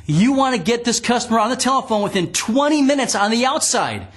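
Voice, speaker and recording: A man's voice: extremely high pitch, sing-song, brisk, husky. A man giving a training lecture on phone sales, emphatic and repeating key points, acting out sample calls. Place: green screen studio.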